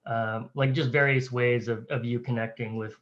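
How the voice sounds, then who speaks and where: A man moderates a live online Q&A in a casual, easygoing way, passing on questions from viewers. His voice sits at a middle pitch. The audio sounds a little dull and muffled. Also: fairly even intonation, normal speed, a bit bright. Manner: casual, reads audience questions.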